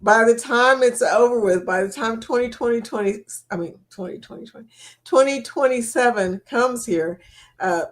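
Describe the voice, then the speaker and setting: A woman's voice: fairly high pitch, moderate pace. A woman hosting a casual live stream from her laptop, chatting to viewers by name and laughing often. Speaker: livestream host. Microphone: laptop mic.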